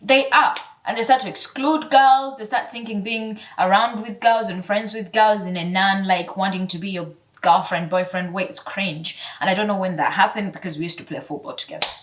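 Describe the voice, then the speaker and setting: A woman in her twenties ranting casually to camera, heated and profane, swinging between loud outbursts and low mutters. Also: fairly even intonation, fairly quick, few pauses, far from the mic, a little hiss or hum. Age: 20s. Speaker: vlogger.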